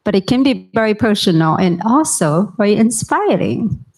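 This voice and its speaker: A woman's voice: medium pitch, very animated, moderate pace, a little mellow, rough recording. A woman interviewing a guest onstage, asking questions in a casual, slightly unpolished way.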